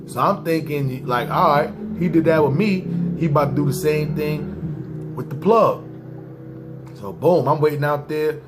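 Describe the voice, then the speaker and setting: A man's voice: fairly high pitch, a little slow, over music. A man, telling a personal story in slangy, casual talk and often checking "see what I'm saying". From New York. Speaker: podcast storyteller.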